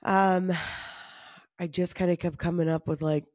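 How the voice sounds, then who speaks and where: A woman's voice: lowish voice, fairly even intonation, a little slow, darkish tone, no echo, clean studio sound. A woman hosting her own podcast alone, talking candidly and confessionally, tired and run down, with casual laughs and the odd swear. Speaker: podcast host. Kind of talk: candid solo podcast talk.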